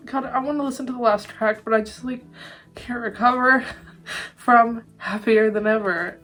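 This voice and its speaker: A young woman reacting to an album in a casual vlog, gushing and excitable, swearing freely. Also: fairly high pitch, moderate pace, soft background music. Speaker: music reaction vlogger.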